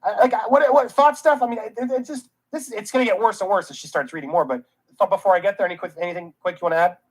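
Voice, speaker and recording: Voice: medium pitch, fast, poor audio. A host giving reaction commentary on a played clip, indignant and sarcastic as they rant.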